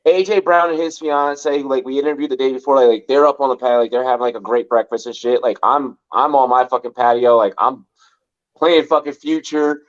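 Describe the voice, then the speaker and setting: A man's voice: medium pitch, steady tone, brisk, highs cut off. A man from Los Angeles hosting a podcast, telling a story in casual chat, rambling and profane with constant "like" fillers. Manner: rambling and profane, heavy use of "like". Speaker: podcast host.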